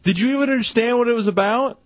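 A man's voice: very high voice, quick pace. A man co-hosting a radio show, mocking and sarcastic in casual banter. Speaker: radio co-host. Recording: muffled radio broadcast with faint music.

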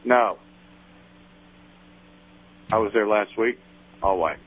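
A male caller to a radio show, speaking in a deadpan, low-key way. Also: slow pace, slightly rough. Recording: tinny phone line.

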